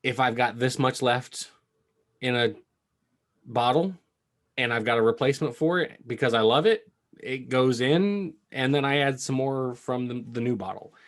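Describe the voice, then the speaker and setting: A blunt, opinionated man holds forth in a casual podcast chat, now and then swearing for emphasis. His voice sits at an ordinary middle pitch. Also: moderate pace, fairly bright tone. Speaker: podcast co-host.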